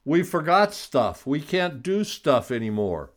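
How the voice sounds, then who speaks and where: A man's voice: fairly high pitch, sing-song, a little slow. An older man hosting a talk radio show, giving a blunt, lecturing monologue with frequent restarts and direct questions to his listeners. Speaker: radio host and estate attorney. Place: radio studio.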